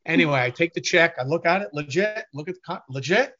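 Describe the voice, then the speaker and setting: A man with a fairly high, bright voice tells a business story as an interview guest. He is animated and acts out the people he quotes. The audio is a bit dull and lo-fi. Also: quick pace.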